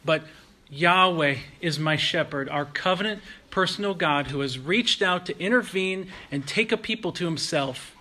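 Earnest preacher with a bright, high voice. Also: male voice. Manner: earnest, measured preaching with slow emphatic pauses. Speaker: pastor. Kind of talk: sermon.

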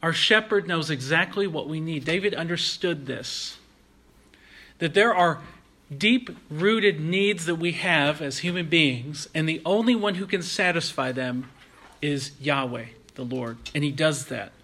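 A man preaching a sermon in an earnest, measured way, slowing down and pausing to stress key phrases. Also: fairly high pitch, bright, forceful tone. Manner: earnest, measured preaching with slow emphatic pauses. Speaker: pastor.

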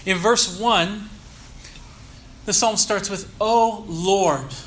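A man preaching a sermon, teaching earnestly and leaning slowly on key words. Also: sits high, fairly bright tone, a little hiss or hum. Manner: earnest teaching tone with slow emphatic stresses. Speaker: pastor.

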